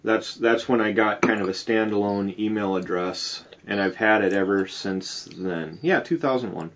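A man's voice: lowish voice, moderate pace, muffled recording. A man co-hosting a podcast, chatting casually and rambling through stories with many "like"s. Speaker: podcast co-host. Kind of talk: casual chat.

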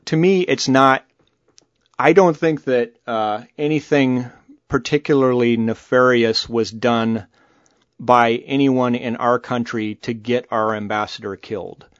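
A man's voice: mid-range voice, measured pace, dry recording, highs cut off. A man co-hosting a podcast, talking casually and bluntly, cursing freely. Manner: blunt, animated, swears freely. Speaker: podcast co-host. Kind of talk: casual political chat.

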